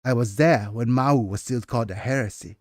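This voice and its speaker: A man voicing a solemn, aging male witness who reflects wearily on the past, reading his own fiction slowly and gravely. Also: mid-range voice, no room sound, studio quality, natural voice. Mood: solemn, reflective.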